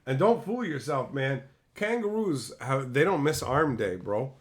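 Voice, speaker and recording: A man with an expressive mid-range voice and measured pace chats casually on a livestream. He riffs on viewer chat messages, trading crude, profane jokes in loose banter.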